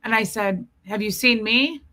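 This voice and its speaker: Casting: chatty woman livestream host, bright and slightly high voice, greets viewers by name between stories. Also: normal speed. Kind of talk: casual livestream chat.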